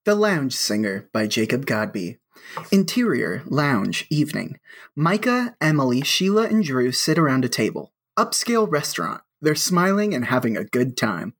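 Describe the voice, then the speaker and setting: A man's voice: medium pitch, sing-song, normal speed, fairly bright tone. Man, sketch writer, casual chat, rambling, self-interrupting.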